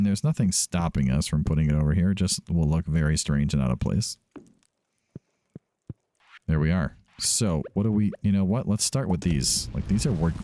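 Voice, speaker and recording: Low-voiced man chatting through gameplay. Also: mellow. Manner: chatty, thinks aloud, corrects himself often. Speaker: let's play host. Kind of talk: casual gameplay commentary.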